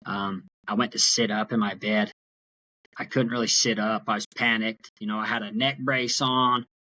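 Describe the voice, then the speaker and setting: A young man as a podcast guest, earnestly retelling a personal story in an animated way. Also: on the low side, normal speed, dull audio. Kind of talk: storytelling in an interview.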